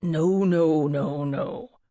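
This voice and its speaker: A woman voicing a playful young man who teases his friend in quick, jokey lines. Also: low voice, dark tone, no room sound, studio quality. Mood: teasing. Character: playful young man, teasing, reformed party guy.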